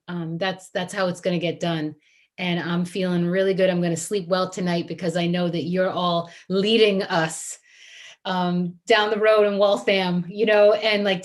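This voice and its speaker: A woman author speaking at an online event, effusive and grateful, with many fillers and restarts. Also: on the low side. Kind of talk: casual event talk.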